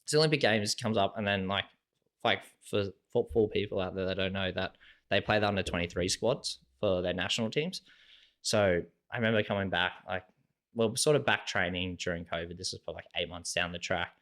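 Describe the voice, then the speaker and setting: Twenties Australian guy, deep low register, laid-back rambling storyteller, lots of "like" fillers. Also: brisk, a bit bright. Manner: rambling, heavy use of "like" and "sort of" fillers. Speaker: guest. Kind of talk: casual conversational storytelling.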